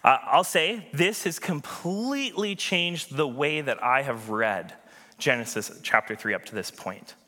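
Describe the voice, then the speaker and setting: A man preaching a sermon as pastor, earnest and emphatic, with dramatic pauses. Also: fairly high pitch, lively intonation, sharp tone, big-room sound.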